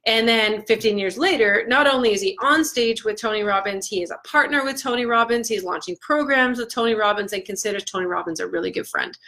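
A woman talking excitedly and chattily to camera as a motivational vlogger and author, with frequent ums and restarts. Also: fairly high pitch, fairly quick, hardly any pauses. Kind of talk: casual motivational talk to camera.

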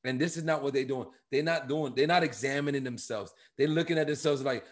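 Male co-host, emphatic preacher, animated, sits a little high in pitch. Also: fairly quick, hardly any pauses. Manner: emphatic, animated, quotes scripture with rising fervor. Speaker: co-host of a church podcast. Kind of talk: preaching conversational Bible talk.

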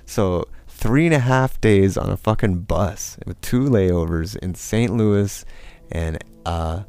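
A man with a low, gravelly voice tells a rambling personal story with plenty of swearing and fillers. He breaks into raised, mocking voices to act out what people said. Faint music plays quietly behind him. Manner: profane, rambling, with lots of fillers; acts out quotes in a raised, mocking voice.

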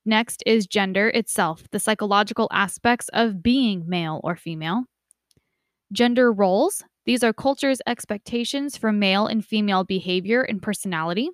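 A young woman giving a casual lecture, conversational and lively when she imitates relatives. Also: mid-range voice, moderate pace, dry recording, studio quality. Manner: conversational, animated quoting of family voices. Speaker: instructor.

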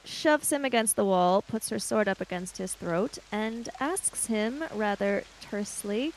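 A woman's voice: medium pitch, measured pace, slight background noise, low-quality recording. A woman player in a tabletop game, casually describing her character's actions while thinking aloud.

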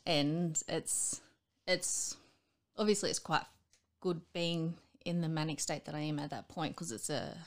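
An Australian woman speaks in relaxed conversation, open and frank about her own life. Her storytelling gets animated, and she slips into lively impressions of the people in her stories. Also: deep voice, measured pace. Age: adult with school-age children. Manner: candid, animated storytelling, acting out others' voices. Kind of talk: casual chat.

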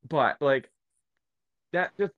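Animated ranting man in casual talk. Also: a little high, takes it slowly, highs cut off. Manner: ranting, animated, acts out quoted voices. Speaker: guest, electric motor repair specialist. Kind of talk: casual podcast conversation.

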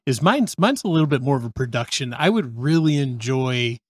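A man's voice: medium pitch, lively intonation, brisk, husky, no echo, clean studio sound. A middle-aged man with a Texan accent, a radio host guesting on a podcast, chatting in a friendly, easygoing way. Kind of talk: casual chat.

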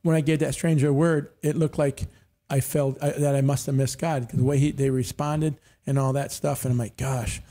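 A man's voice: medium pitch, level tone, brisk, warm tone. A middle-aged man telling faith stories in a casual church panel discussion, often saying amen. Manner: storytelling, frequent amens.

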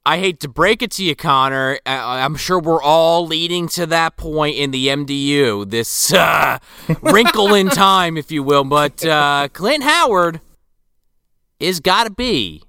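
Bright, clear-voiced man joking. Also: a little high, unhurried, dry recording, studio quality. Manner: animated, joking, profane, with laughs. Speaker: podcast co-host. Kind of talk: casual movie-recap chat.

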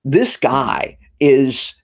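Male podcast host, rambling and candid, gravelly voice with lots of pitch movement. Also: animated, drawn-out words. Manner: rambling storyteller, loose and candid. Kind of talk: casual chat.

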